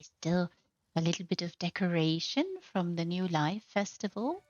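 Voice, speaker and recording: A woman's voice: lowish voice, normal speed, a little mellow. A woman hosting a game housing showcase, talking over a gameplay tour in a gushing, affectionate, admiring way. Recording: slightly muffled, faint music behind.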